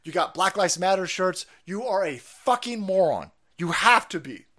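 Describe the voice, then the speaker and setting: High, animated ranting man. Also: moderate pace. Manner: loud, swearing, laughing at his own jokes. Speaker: stream host. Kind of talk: profane political rant.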